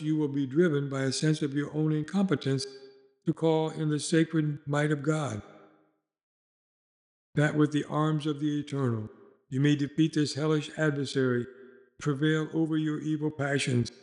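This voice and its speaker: A man with a fairly high voice delivers a sermon in an earnest, exhorting way. He reads steadily, pressing each point home to his listeners. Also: darkish tone. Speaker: preacher. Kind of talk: read-aloud sermon.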